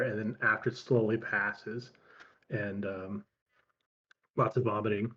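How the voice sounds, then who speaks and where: A man's voice: on the low side, steady tone, unhurried, fairly bright tone, husky, dull audio. A man narrating a tabletop game as game master, rambling with many fillers.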